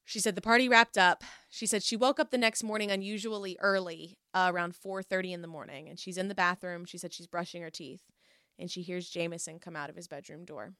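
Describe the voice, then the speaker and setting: A young woman hosts a casual chat and tells a long, lively story, dropping into quoted voices as she goes. Her voice is bright and forceful with a smooth, crisp tone, and the recording is dry and close. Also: lowish voice, brisk, no echo.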